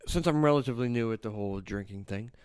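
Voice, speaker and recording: A sick, hoarse man co-hosting a podcast, making dry, deadpan quips. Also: medium pitch, quick pace. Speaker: podcast co-host.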